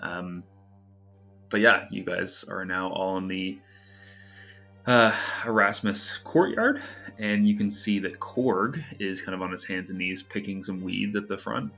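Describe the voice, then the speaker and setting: Low, bright-voiced man running a tabletop game. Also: unhurried, vocal fry, faint music behind. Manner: casual, hesitant narration with many fillers. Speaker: game master.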